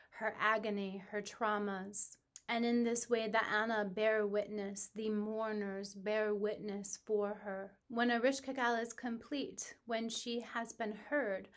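This is a spiritual teacher, female, recounting a myth at a steady, unhurried storytelling pace in a mid-range voice. Solemn lines come out slower and gentler.

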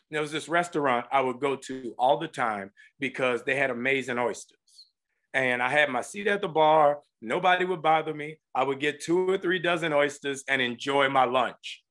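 A man telling a funny story as an interview guest, lively and laughing, acting out the voices of people in it. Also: fairly high pitch. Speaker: guest actor. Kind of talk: animated anecdote telling.

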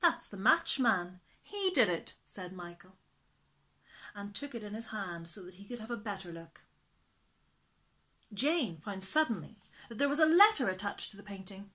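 A woman reading a children's story aloud, slow and gentle. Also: medium pitch, lively intonation.

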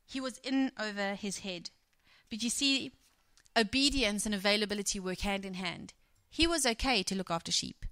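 A middle-aged woman preaching a sermon, retelling a story and acting out its quoted speech with lively emphasis. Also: medium pitch, moderate pace, no echo.

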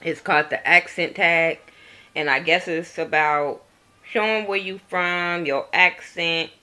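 A vlogger from Compton, California, talks casually to a camera in front of her at home, indoors. Her voice is fairly low, clear, resonant and bright with a pushed quality, and she speaks at a measured pace, bluntly and jokingly, swearing freely and laughing often.

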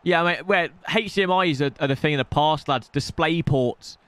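A young man giving excitable gameplay commentary as a streamer, trash-talking his opponent and shouting at big moments. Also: a little high, normal speed, clean tone, no echo.

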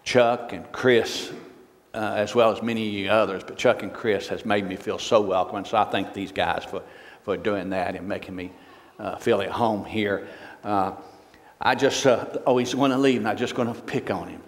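A man's voice: fairly even intonation, normal speed, slight background noise. A man preaching as a guest in a church, folksy and joking, who lifts his voice to read scripture. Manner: folksy and joking, reads scripture louder and higher. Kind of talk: sermon. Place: church sanctuary. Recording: long church reverb.

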